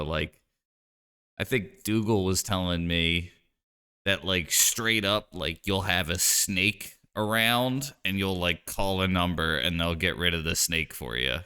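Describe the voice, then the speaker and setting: A male streamer talks in a deep, slow, easygoing way as he plays a card game live. His voice is bright and very clear. He rambles and jokes, leaning on "like" and "you know" as he goes. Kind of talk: casual live-stream chat while playing a card game.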